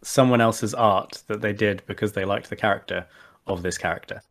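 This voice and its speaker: A man with a very low voice talks casually about tabletop games. He hesitates often, piling up fillers and restarting his sentences as he thinks aloud. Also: steady tone, a little fast, gravelly, a bit bright. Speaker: podcast guest.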